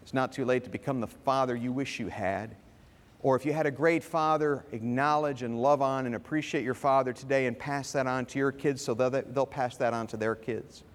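A man's voice: medium pitch, normal speed. A man giving a Father's Day sermon, earnest and storytelling. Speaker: guest speaker. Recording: reverberant hall.

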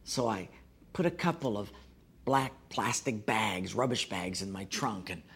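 A man's voice: on the low side, unhurried, a bit bright, slightly rough. A middle-aged male pastor preaching a sermon, telling a personal story with folksy, self-deprecating humor.

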